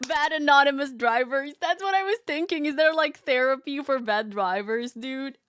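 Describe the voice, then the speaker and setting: A woman streamer reading a story aloud and reacting in casual chat, animated and giggly, often laughing. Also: high voice, measured pace, no room sound. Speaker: VTuber streamer.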